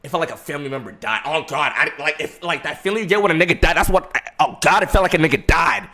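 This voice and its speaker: A young man telling a long story to his chat in a casual, profane way, swinging from hushed to laughing. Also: on the high side, quick pace.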